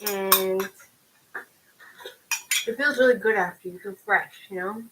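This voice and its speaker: A woman's voice: mid-range voice, measured pace, pushed and bright, a little hiss or hum, low-quality recording. A woman chatting casually with her live viewers in a rambling way, tossing them lots of questions. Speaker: tarot reader chatting with livestream viewers.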